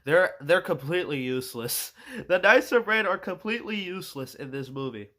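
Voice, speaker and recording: A young man with a fairly high voice gives a loose, rambling rant about a film. He talks in slang and stops often to search for words. He sounds exasperated the whole way through. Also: lively intonation, normal speed, sharp tone. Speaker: movie reviewer. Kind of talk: casual movie rant.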